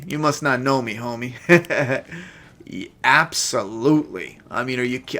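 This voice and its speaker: A man's voice: medium pitch, normal speed, pushed and bright. Stuffed-up man chatting over gameplay. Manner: chatty, profane, laid-back. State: stuffed-up nose. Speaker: gameplay streamer. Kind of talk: casual gameplay commentary.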